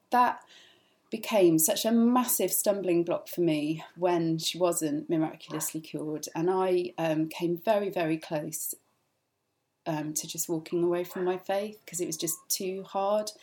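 A woman with a slightly low voice gives an informal teaching talk at church. She speaks earnestly and casually, pausing often on "um" as she tells personal stories. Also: steady tone, dark tone. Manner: earnest, conversational, many filler ums.

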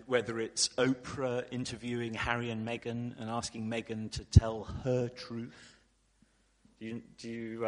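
A man preaching a sermon in a relaxed, conversational way, with fillers and asides to the congregation. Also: medium pitch. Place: church hall. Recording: long hall reverb.

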